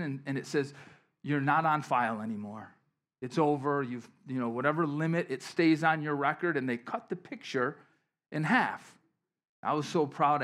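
Conversational preacher with emphatic bursts. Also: male voice, a little high. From western New York. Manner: conversational storytelling preacher, swings from soft asides to emphatic bursts. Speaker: pastor. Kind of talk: sermon.

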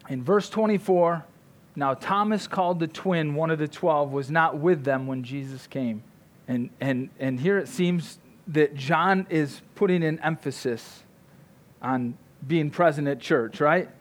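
A man's voice: a little high, measured pace. A man preaching a sermon, fervent and emphatic, often repeating words and tagging his points with "right?". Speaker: pastor.

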